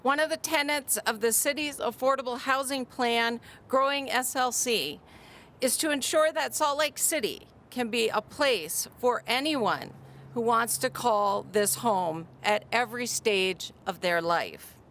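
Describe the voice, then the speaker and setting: A woman from Minnesota, speaking as a city mayor, delivers a composed, prepared speech at an outdoor podium. Her voice sits fairly high. Faint background noise runs under the microphone. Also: a little slow, fairly bright tone. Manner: composed, formal after a joking opening. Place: outdoor groundbreaking event.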